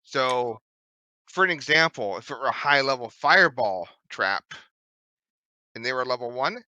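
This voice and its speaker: A man narrates a tabletop game in a casual, teasing way and swears offhand. His voice is very bright and recorded close and dry, with no room in it. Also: medium pitch, animated, normal speed, no echo, lo-fi sound. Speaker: game master.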